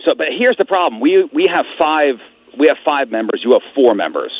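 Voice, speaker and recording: A man's voice: medium pitch, big pitch swings, a little fast, dry recording, lo-fi sound. A man with a New York accent, a radio show host teasing his co-hosts in on-air banter. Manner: teasing, boastful.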